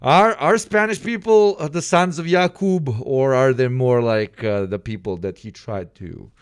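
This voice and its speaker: A young adult male streamer chatting casually with his viewers, swearing freely and swinging from exaggerated outbursts to low mutters. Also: measured pace, clear, resonant tone, dry recording, clean studio sound. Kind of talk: casual live stream chat.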